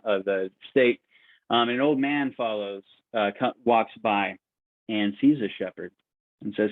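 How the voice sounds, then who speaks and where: A man speaking as an agile coach at a meetup, telling an allegory with lots of halting restarts, on a video call. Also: on the low side, dry recording. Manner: halting, many fillers and restarts. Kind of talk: storytelling presentation. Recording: tinny lo-fi call audio, dry.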